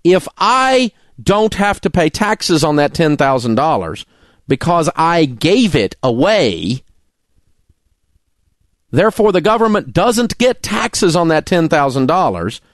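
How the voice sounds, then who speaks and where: On his talk radio show, a middle-aged male host unleashes a furious, indignant monologue full of insults, speaking in a high, sing-song voice at an unhurried pace. The sound is clean studio quality with no echo.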